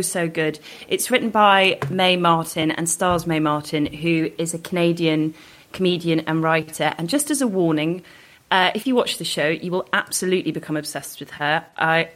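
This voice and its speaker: A woman co-hosting a podcast, an author, chatting with an enthusiastic, animated manner from home. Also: low voice. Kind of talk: casual chat. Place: home, recording remotely.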